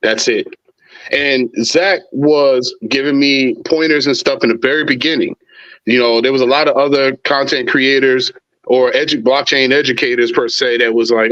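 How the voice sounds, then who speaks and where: A man chatting casually as a podcast guest, relaxed and slangy, talking up his show with enthusiasm. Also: mid-range voice, moderate pace, dull audio. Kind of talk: casual chat.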